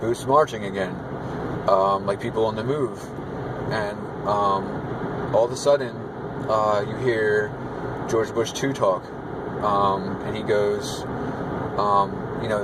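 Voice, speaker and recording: Rambling low-voiced man over background noise. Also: steady tone, slow. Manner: rambling, many fillers and restarts. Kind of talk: casual spoken recount of a vision.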